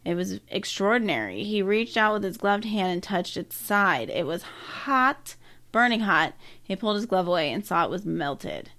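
A woman's voice: mid-range voice, lively intonation, moderate pace, a bit bright. A woman reading a spooky true story aloud to a friend. She keeps stopping to giggle and crack jokes about what she has just read, in a loose, casual way. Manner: laughs often, reacts with quips and joking asides. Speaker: podcast co-host.

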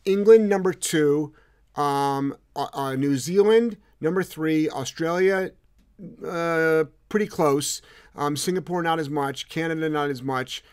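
A man's voice: fairly high pitch, unhurried, clear, resonant tone. A middle-aged man co-hosting a podcast as a dog trainer, talking casually in a blunt, rambling way and swearing freely. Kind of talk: casual podcast chat reading comments.

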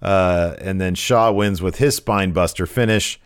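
A man co-hosting a podcast, recapping wrestling in an animated, jokey way. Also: sits low, a little slow, clear, resonant tone. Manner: animated, jokey, puts on mock voices. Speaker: podcast co-host. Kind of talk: casual wrestling recap chat.

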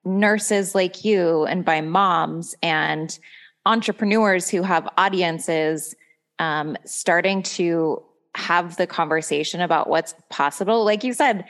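A woman's voice: on the low side, measured pace. A young woman hosting a podcast in casual chat, laughing often and filling talk with "like". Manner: chatty, laughs often, says like a lot. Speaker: podcast host.

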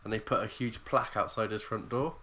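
A man's voice: lowish voice, steady tone, fairly quick, bright, forceful tone, a little hiss or hum. An English man co-hosting a podcast, chatting casually and joking, laughing often. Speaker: podcast co-host. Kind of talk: casual chat.

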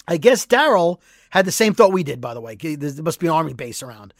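Man, podcast co-host, high voice, dry close sound, animated storytelling. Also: a little fast, no echo. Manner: animated storyteller, acts out quotes. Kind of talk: casual recap chat.

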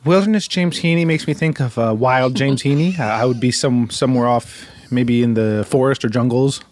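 A man in an improv sketch playing an eager male podcast host who talks in halting, stammering bursts. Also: medium pitch, a little mellow, lightly acted. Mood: musing. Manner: halting, stammering, filler-heavy.

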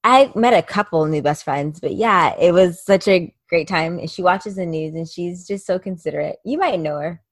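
A woman co-hosting a podcast in casual chat, playful and teasing, swooping high when she mimics. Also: normal speed, few pauses, no echo. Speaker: podcast co-host.

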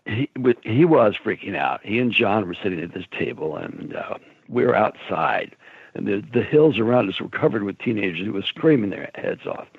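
A man's voice: on the low side, husky, dry recording. A man in his seventies, a guest telling long stories in a rambling way, often laughing and acting out what others said. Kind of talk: casual storytelling. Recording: dry tinny phone line.

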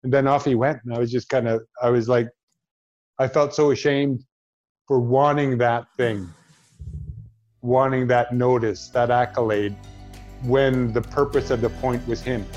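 A man, an actor, telling a personal story in an interview, reflective and halting, with frequent restarts. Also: mid-range voice, steady tone, a little mellow, highs cut off, soft background music. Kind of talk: storytelling in conversation.

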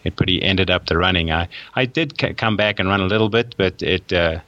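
A man from South Africa with a South African accent, a coach interviewed as a guest, relaxed and self-deprecating. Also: deep voice, brisk, dry recording, highs cut off.

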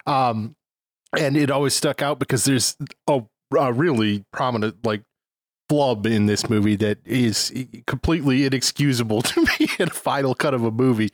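A man's voice: mid-range voice, normal speed, dry recording, studio quality. A man co-hosting a casual film review podcast, wry and profane, rambling about the film's faults. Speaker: podcast co-host.

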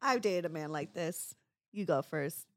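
Lively laughing woman, dry close sound. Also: lowish voice, a little slow, no room sound. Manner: laughs often, uses "like" a lot. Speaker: podcast co-host. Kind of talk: casual chat.

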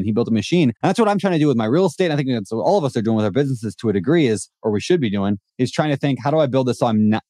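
A man chatting casually as a podcast guest, talking in quick rambling runs full of fillers and restarts. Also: mid-range voice, warm tone, no room sound, studio quality. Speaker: podcast guest, real estate investor. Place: home in Hawaii.

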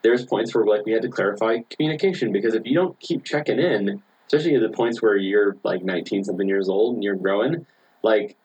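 A man's voice: fairly low pitch, quick pace, a little mellow, husky, lo-fi sound. A man in his twenties chatting casually as a podcast guest, rambling through stories with lots of fillers and laughs. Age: 20s. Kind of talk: casual chat, storytelling.

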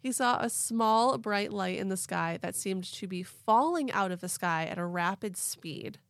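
A woman's voice: medium pitch, expressive, a little slow, a bit bright, dry recording. Chatty woman telling a story, dry close mic. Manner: chatty, swears casually, laughs a lot. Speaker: podcast host. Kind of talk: casual storytelling podcast.

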